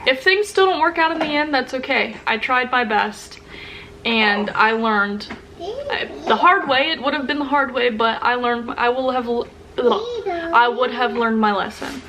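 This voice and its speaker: A woman's voice: high-pitched, lively intonation, unhurried, sharp tone, slight background noise, rough recording. A young woman vlogger talking earnestly and emotionally to camera, often restarting her sentences. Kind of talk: casual sit-down talk to camera.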